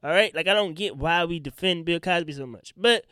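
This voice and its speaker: A young man with a slightly high, bright voice talks a little fast in a forceful, smooth tone. He's ranting bluntly and profanely on his own solo podcast, rambling as a stand-up comedian would, sounding a bit congested and sick from pollen allergies. The studio recording is clean with no echo.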